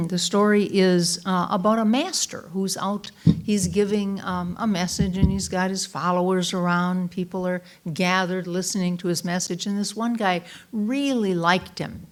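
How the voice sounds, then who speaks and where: A woman minister giving a conversational Sunday talk, telling a story in a relaxed way with fillers and restarts. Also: on the low side, unhurried. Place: church sanctuary.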